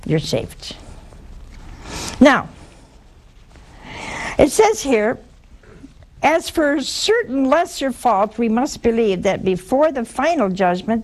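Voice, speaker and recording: A woman preaching a sermon in a conversational, dramatic way. Her pitch swings sharply, and she sometimes drops to hushed asides. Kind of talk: sermon to a live and broadcast audience.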